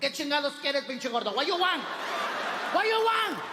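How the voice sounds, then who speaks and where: A man's voice: extremely high pitch, very animated, moderate pace, roomy sound, very noisy, voice pushed up. A man doing a grumpy taco truck guy. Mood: irritated. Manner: gruff, annoyed, barking. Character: grumpy tired male taco truck worker.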